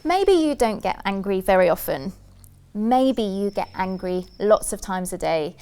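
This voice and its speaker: A woman presenting a scripted children's church talk, asking questions gently and repeating key phrases in rhythm. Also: medium pitch, big pitch swings, unhurried, clean tone. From United Kingdom.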